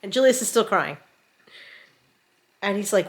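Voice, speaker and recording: Woman, middle-aged, casual storytelling, animated, acts out quotes, recorded at home, mid pitch. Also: a little slow. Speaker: vlogger. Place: home in rural mountains.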